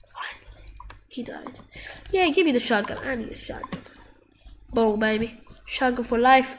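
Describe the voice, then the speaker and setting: A woman commentating her gameplay while sick and coughing, excitable, yelping and trash-talking at the screen. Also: on the high side, moderate pace. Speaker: gamer.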